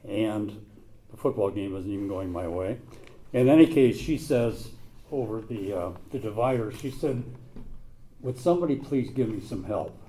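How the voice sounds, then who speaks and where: An older man tells his own hard story to a group in a blunt, plain-spoken way. His voice is low and mellow, and faint background hum sits behind it. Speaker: recovery meeting speaker. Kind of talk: personal recovery story told to a group.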